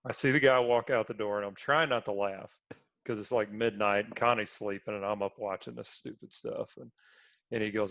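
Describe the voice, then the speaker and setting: A man's voice: lowish voice, fairly even intonation, fairly quick, gravelly, fairly bright tone, dry recording. A man co-hosting a sports podcast, chatting casually and laughing his way through a story. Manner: storytelling, laughs while talking. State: feeling sick. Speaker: podcast co-host. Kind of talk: casual chat.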